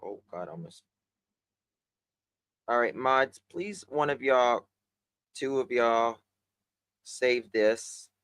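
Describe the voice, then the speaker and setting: A man's voice: mid-range voice, lively intonation, slow, long pauses, fairly bright tone, clear, resonant tone, no echo. A tired man, chatting casually with his livestream viewers and greeting them by name. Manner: chatty, drawling, talks to chat by name. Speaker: livestream host. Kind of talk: casual livestream chat reading comments.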